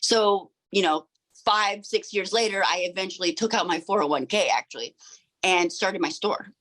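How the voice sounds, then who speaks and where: A woman in her forties recounts her path into sound healing as an interview guest. She talks in an earnest, rambling way, full of fillers and restarts, at a middling pitch. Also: moderate pace, fairly bright tone. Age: 40s. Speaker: sound healer and crystal shop owner.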